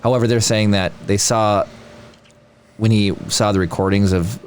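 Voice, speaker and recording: Male podcast co-host, lowish voice, easygoing chat, faint room noise. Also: steady tone, moderate pace. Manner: reads out chat comments. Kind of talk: casual chat.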